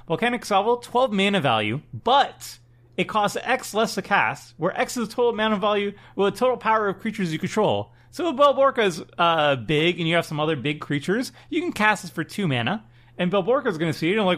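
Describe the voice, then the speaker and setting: A man co-hosting a casual podcast, talking in an animated way, laughing and acting out quoted voices. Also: sits high. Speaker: podcast co-host. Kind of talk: casual chat.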